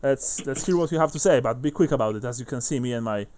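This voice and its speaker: Gruff town guard with no patience, put on by a man. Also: medium pitch, fast, darkish tone, natural voice. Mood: impatient. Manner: blunt and impatient. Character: gruff off-duty male town guard, impatient.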